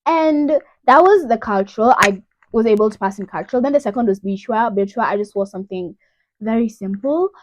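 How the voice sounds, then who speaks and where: A woman's voice: fairly high pitch, lively intonation, a little fast, a little hiss or hum, poor audio. Young woman telling a story. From Kenya. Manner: rambling, lots of "you know", emotional retelling. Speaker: vlogger. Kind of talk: casual storytelling.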